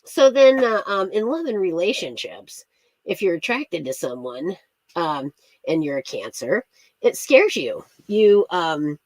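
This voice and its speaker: Chatty low-voiced woman laughing often. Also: sing-song, unhurried, dry recording. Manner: rambling, laughs often between thoughts; chatty and playful, greets viewers by name. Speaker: astrology streamer. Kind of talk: casual livestream chat.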